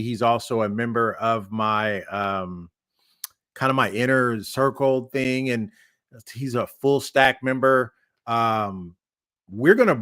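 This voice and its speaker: A man's voice: lowish voice, a bit bright. A man hosting a live stream, talking in a casual, hyped and rambling way with lots of banter. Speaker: livestream host.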